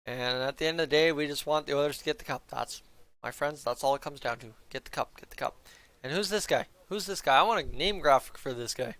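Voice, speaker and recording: Bright-voiced, rambling male fan streamer. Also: fairly high pitch, fast, dry recording. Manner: rambling, talks to the chat, stumbles over names. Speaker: fan streamer reacting to a hockey game. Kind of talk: casual live-stream chat. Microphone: headset mic he flips up to mute.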